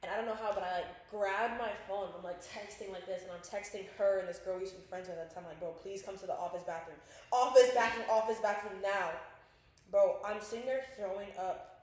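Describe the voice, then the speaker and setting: A young woman telling a story on a casual podcast, animated and loose with her swearing. She acts out the lines people said and sits at a middle pitch. The room is very echoey. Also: fast talker. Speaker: podcast co-host.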